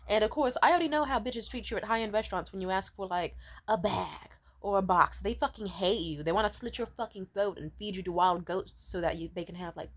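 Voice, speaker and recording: A woman's voice: mid-range voice, brisk, hardly any pauses. Sarcastic woman ranting, heavy swearing. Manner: profane, sarcastic, lots of fillers. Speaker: vlogger. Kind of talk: casual ranting story.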